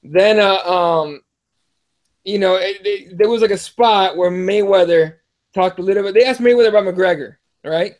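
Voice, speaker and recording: A man's voice: high-pitched, normal speed, darkish tone. A man hosting a live podcast-style fight show, talking loosely, swearing and stumbling over his words. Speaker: podcast host. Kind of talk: casual live show chat.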